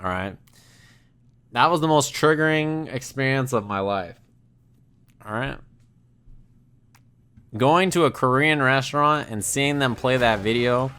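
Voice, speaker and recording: Young male streamer, bright tone, animated, swears a lot, casual storytelling to chat. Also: mid-range voice, unhurried, long pauses, clean tone. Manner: animated, profane, quotes people in his story.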